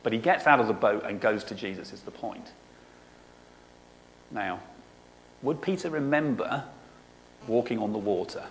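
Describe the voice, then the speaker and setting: A man giving a sermon, reading scripture aloud and explaining it in a conversational way, often pausing on "okay". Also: on the low side, lively intonation, slight background noise, low-quality recording. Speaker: preacher.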